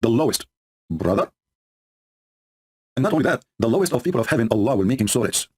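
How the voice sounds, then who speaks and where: A man speaking broken rattles through a mocking monologue at a very fast clip. His voice is husky, and his pitch leaps up and down as he scoffs. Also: very animated. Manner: sarcastic, mocking, broken English. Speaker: host of a religious debate stream.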